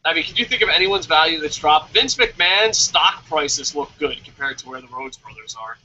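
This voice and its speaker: A man from New Jersey co-hosting a casual wrestling review show, excitable and profane, with mock-formal bits. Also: on the high side, normal speed. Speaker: podcast co-host. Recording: dull lo-fi audio.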